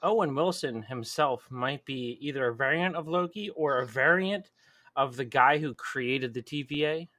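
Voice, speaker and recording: A man's voice: mid-range voice, moderate pace, pushed and bright, dry recording. A man co-hosting a podcast, casually adding trivia and fan theories. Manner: laid-back, adds trivia and theories. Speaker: podcast co-host. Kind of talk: casual TV recap chat.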